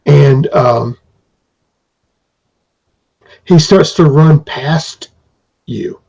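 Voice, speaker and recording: A man narrates an improvised tabletop adventure as game master, rambling with fillers and restarts. His voice is gravelly, husky and dark. The recording is dull and lo-fi. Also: a little high, drawn-out words.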